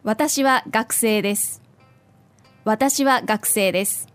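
Co-host: Japanese woman, bright higher voice, careful model phrases, dry recording. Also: no room sound, soft background music. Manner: models Japanese lines slowly and clearly. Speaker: co-host, native speaker.

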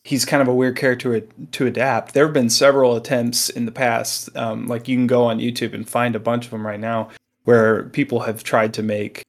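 A man talking casually on a podcast panel, his voice sitting at an ordinary middle pitch. He rambles and restarts his words while he works toward a point. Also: little pitch movement, brisk. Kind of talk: casual chat.

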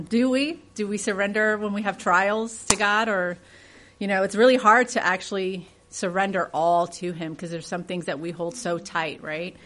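A woman's voice: mid-range voice, a bit bright. A woman leads a church Bible study in a conversational way. She puts questions to the group and reads scripture aloud with rising emphasis.

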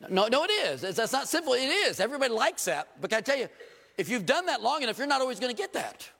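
A male pastor, preaching an animated sermon full of rhetorical questions and self-deprecating humor. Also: very high voice, fast talker, vocal fry. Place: church sanctuary. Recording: long reverb of a church hall.

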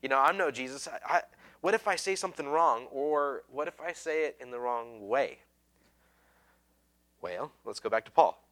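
A male pastor delivers a sermon in a loose, conversational way, stumbling over fillers and restarting sentences as he tells a story. His voice is bright and forward, and he pokes fun at himself with easy humor. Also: mid-range voice, animated, normal speed. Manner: self-deprecating, humorous.

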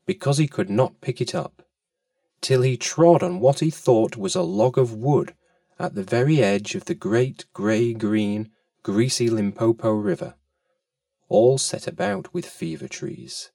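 A man reading a children's story aloud with fond, expressive storytelling, his voice a bit off-mic. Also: medium pitch, measured pace, gravelly, no echo, studio quality, distant mic.

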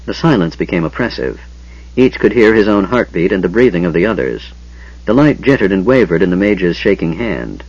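A husky, low-pitched male voice narrates a fantasy audiobook, with an animated rise and fall in his pitch. The recording is dull and lo-fi, with the top end muffled. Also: brisk. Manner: expressive, dramatic storytelling.

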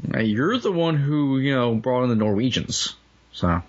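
A man's voice: medium pitch, lively intonation, moderate pace, dull audio. A man making wry, sarcastic quips during a movie commentary. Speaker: commentary co-host.

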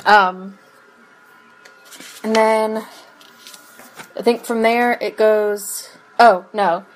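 A woman chatting on a podcast about a TV episode. She talks slowly and unhurriedly, drifting off track and laughing as she goes. Her pitch sits in an ordinary middle range. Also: fairly even intonation, slight background noise, low-quality recording. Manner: slow, meandering, laughs often, loses her place. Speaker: podcast co-host. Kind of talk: casual chat recapping a TV episode.

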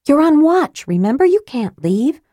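A woman's voice: high-pitched, big pitch swings, moderate pace, dry recording, clean studio sound, voice pushed up. A woman doing a firm, spirited young heroine. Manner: soft but firm, sharp-tongued.

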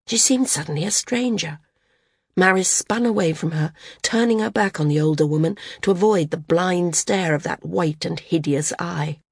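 A woman narrating an audiobook in a steady, measured reading. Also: lowish voice, husky, no room sound, studio quality.

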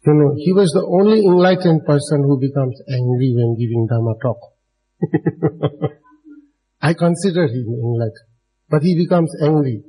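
Husky chuckling dharma teacher, a man. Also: fairly high pitch, normal speed, long pauses, mellow, rough recording. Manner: non-native, broken English phrasing; chatty, addresses listeners directly, chuckles often. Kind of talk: dharma talk to a live audience.

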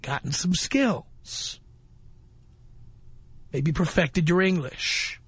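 A man's voice: fairly high pitch, animated, very slow, fairly bright tone, slightly rough, no room sound. A man hosting a talk radio show, reading a listener's message aloud and mocking it with sarcastic scolding.

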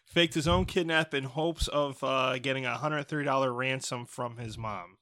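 A man from New England hosting a casual podcast chat, dry and joking, often trailing off into low mutters. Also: fairly even intonation, moderate pace, pushed and bright, no echo. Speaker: podcast host.

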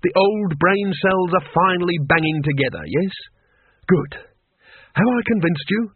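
A man voicing a nervous, sarcastic, excitable male wizard in a storybook reading. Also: high-pitched, measured pace, breathy edge, no room sound, pitched above the performer's own voice. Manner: sarcastic, exasperated. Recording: tinny phone-like dry sound.

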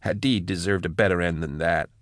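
A man voicing a bruised, fierce woman prisoner with sharp, urgent speech in a lifted voice. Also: on the low side, moderate pace, no room sound, studio quality.

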